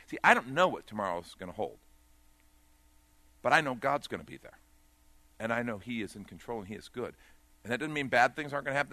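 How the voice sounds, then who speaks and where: Bright-voiced preacher, swinging loud to hushed. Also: male voice, mid-range voice, no room sound. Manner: swells loud then drops to a hush, direct questions to the congregation. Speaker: pastor. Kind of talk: sermon. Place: church service.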